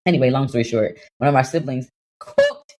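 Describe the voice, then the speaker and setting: A young adult woman co-hosting a podcast, telling a story in casual chat, animated and laughing, slipping into voices for the people in it. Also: extremely low pitch, a little fast. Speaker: podcast co-host.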